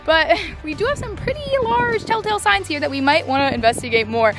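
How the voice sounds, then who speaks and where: A chatty young woman talks to camera outdoors on her farm. Her voice sits notably high, and she rambles with plenty of "like" and "I don't know", turning now and then to address her animals. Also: fairly quick, over music. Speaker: farm vlogger. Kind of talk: casual vlog chat to camera.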